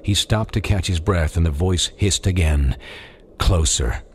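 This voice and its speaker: A man narrating a dark audiobook in measured, dramatic storytelling. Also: low-pitched, a little hiss or hum. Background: music.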